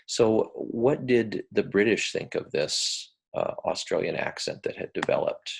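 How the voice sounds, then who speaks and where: Gravelly low-voiced male lecturer. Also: lively intonation, a little hiss or hum. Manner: measured, with frequent fillers and restarts. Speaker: university English professor.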